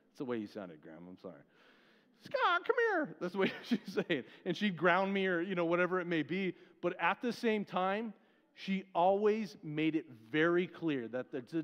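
An earnest male pastor with a slightly high voice preaches in a relaxed, chatty way, dropping in casual fillers. His voice rings through a church hall with a long echo, and the recording sounds dull and muffled. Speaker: outreach pastor. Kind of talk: conversational sermon.

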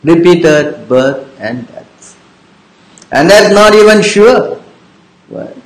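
A man's voice: on the high side, animated, slow, pauses often, roomy sound, rough recording. A man teaching a devotional class, informal and teasing, who keeps checking with his listeners by asking "yes?" and "understand?" after each point. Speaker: religious teacher.

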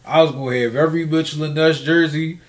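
A man with a slightly high voice riffing in loose podcast banter. He repeats his punchlines and turns loud when he teases. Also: steady tone, fast talker. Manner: loud, joking, repeats lines for effect. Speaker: podcast co-host. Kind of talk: casual banter.

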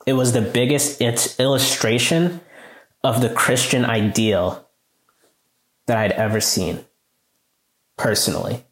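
A man tells a classroom story with earnest conviction, his voice lifting when he is moved. He speaks at an average pitch. The recording carries a noticeable room echo. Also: measured pace, long pauses. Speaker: high school teacher, guest. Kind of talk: conversational storytelling.

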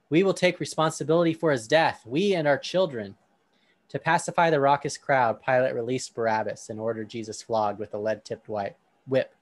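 A man hosting a discussion, reading a scripture passage aloud with emphasis on quoted speech, then talking casually. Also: medium pitch. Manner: reads with emphasis on quoted lines.

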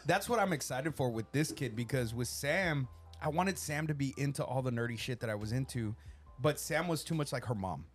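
A man's voice: medium pitch, a little fast, breathy edge, soft background music. A man in his thirties hosting a casual podcast, swearing freely and telling family stories in a loose, rambling way. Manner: swears constantly, animated storytelling with acted-out quotes. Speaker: podcast host.

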